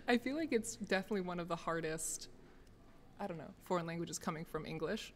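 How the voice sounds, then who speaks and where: A woman's voice: fairly low pitch, fairly quick, slight background noise. A young woman chatting casually with viewers on a stream, rambling with lots of fillers and frequent laughter. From United States. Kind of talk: casual chat. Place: office.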